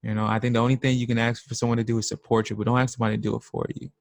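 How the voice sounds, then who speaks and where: A man's voice: mid-range voice, little pitch movement, very fast, gravelly, no echo. A young man hosting a live trading stream, talking in a blunt, slangy, emphatic casual rant.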